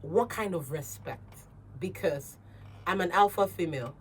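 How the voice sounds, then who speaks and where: A woman's voice: fairly low pitch, measured pace, distant mic, a little hiss or hum. Assertive Nigerian woman radio host. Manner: assertive, animated, acts out quoted dialogue. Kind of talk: casual radio chat.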